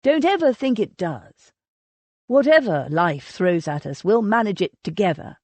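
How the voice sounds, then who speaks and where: A woman voicing an ardent young male aristocrat, speaking low, tender and earnest. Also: big pitch swings, a little fast, darkish tone, breathy edge, no room sound.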